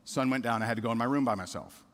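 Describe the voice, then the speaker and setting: A man's voice: mid-range voice, rapid-fire. Candid man speaking in a big hall. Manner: candid storytelling, repeats words, asks the audience questions. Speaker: keynote speaker. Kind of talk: motivational speech. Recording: reverberant hall.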